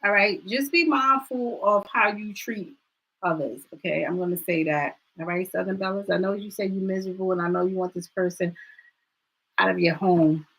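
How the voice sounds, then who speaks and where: A woman's voice: mid-range voice, normal speed, fairly bright tone, husky, low-quality recording. A woman giving a card reading on a live stream, talking straight to viewers and reassuring them in casual chat.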